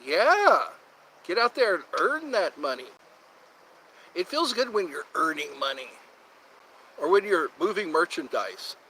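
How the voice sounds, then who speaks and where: A man's voice: high voice, sing-song, unhurried, pauses often, sharp tone, a little hiss or hum, poor audio. A man hosting a casual livestream outdoors, rambling and drifting into singing and silly voices. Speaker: livestream host. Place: outdoors then walking into house.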